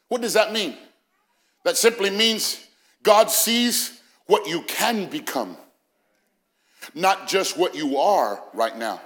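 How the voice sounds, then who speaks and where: A male senior pastor preaching an Easter sermon in a church, building from quiet reasoning to shouted, sung-out climaxes. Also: sits high. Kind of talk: Pentecostal-style Easter sermon. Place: church sanctuary, also broadcast.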